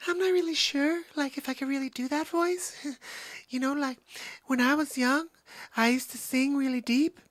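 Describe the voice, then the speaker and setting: Man doing a high, soft, shy guy, hesitant and gentle. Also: steady tone, normal speed, dry recording.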